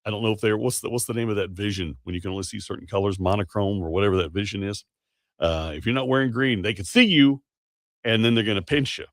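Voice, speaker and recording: A male morning radio host with a gravelly, creaky edge to his voice. He talks in a loose, rambling way, correcting himself mid-sentence as he goes. The sound is close and dry, like a studio microphone. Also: fairly low pitch, fast talker, dry recording. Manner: rambling, self-correcting, chatty. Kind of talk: casual morning radio talk.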